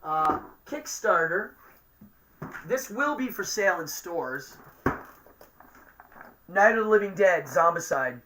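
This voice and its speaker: A man's voice: sits high, lively intonation, takes it slowly, long pauses, bright, forceful tone, a little hiss or hum. A man with an East Coast accent hosting a livestream show, chatting in a rambling, enthusiastic way. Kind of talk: casual livestream chat.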